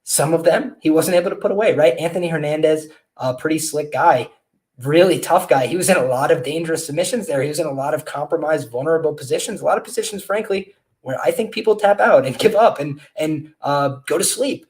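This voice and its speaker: This man's voice sits on the high side with a darkish tone, and he talks fairly quickly. As a podcast host and fight handicapper, he rambles casually through betting picks for upcoming bouts, restarting often and leaning on fillers.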